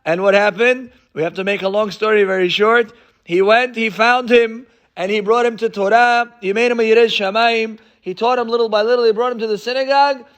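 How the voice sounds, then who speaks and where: A man's voice: sits high, fairly even intonation, a little fast, a bit bright. A male rabbi giving a sermon, reading passages and translating each line into as he tells a story. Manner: reads Hebrew source then translates into English.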